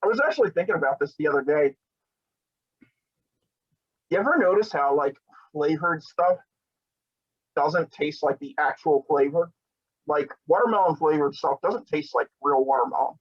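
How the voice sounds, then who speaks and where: A man's voice: a little high, normal speed, pauses often, breathy edge. Chatty man on muffled lo-fi audio. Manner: chatty, jokey, talks with his mouth full. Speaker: show host. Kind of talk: casual on-camera chat during a spicy food challenge. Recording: dull lo-fi audio.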